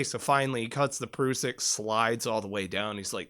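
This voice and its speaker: Bright, animated man telling a war story. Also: medium pitch, moderate pace, few pauses, dry recording, clean studio sound. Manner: animated, profane, rambling storyteller. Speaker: podcast co-host, former Marine. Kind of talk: casual storytelling chat.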